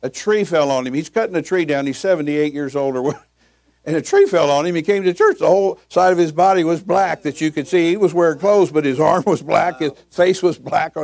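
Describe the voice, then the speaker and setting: A man's voice: a little high, animated, brisk, creaky, a little mellow, dry recording. An older man preaching as a pastor, telling folksy stories and chuckling between them. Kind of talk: sermon with storytelling.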